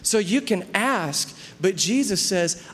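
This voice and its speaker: A man's voice: sits high, lively intonation, slow pace, fairly bright tone, big-room sound, slight background noise. A middle-aged man preaching a conversational sermon, often stopping to ask whether the listeners follow. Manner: conversational preaching, often asks "do you see?". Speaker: pastor.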